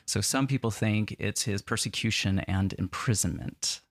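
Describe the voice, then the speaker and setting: A man's voice: fairly low pitch, moderate pace, no room sound. A man co-hosting a casual chat, wry and joking as he reads scripture aloud. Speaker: podcast co-host.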